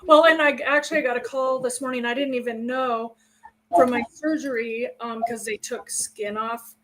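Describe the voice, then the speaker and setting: A woman's voice: on the high side, fairly even intonation, normal speed, a bit bright, poor audio. A woman co-hosting a livestream, candidly sharing personal stories and getting emotional. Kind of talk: casual personal chat.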